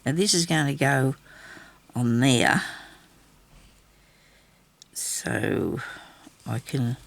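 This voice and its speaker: A woman's voice: extremely low pitch, expressive, drawn-out words, vocal fry, no echo. A woman chatting casually in her craft vlog, rambling and talking to herself as she sews close to the camera indoors at home. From Australia. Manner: rambling, chatty, talks to herself while sewing. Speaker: craft vlogger. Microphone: camera mic, very close.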